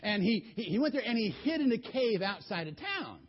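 A man's voice: sits high, big pitch swings, brisk, slightly rough. A man preaching, retelling a Bible story in a folksy, colloquial way with many restarts, on a dull lo-fi recording. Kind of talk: animated Bible storytelling sermon.

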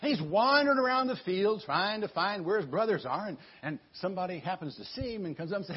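Brief: folksy male storyteller, husky voice, sing-song, muffled lo-fi recording. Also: high-pitched, animated, fast talker, few pauses. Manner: folksy, stumbling, with asides. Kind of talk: casual Bible story retelling.

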